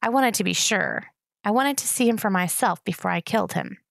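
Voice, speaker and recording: A woman reading aloud voices a menacing, scornful male rat king in a storybook, speaking low. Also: brisk, gravelly, dry recording, clean studio sound, lightly acted.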